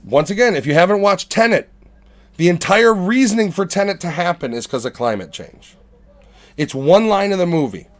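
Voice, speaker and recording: Ranting high-voiced podcast man. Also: moderate pace. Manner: animated ranting, profane. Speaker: podcast host. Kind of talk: casual chat.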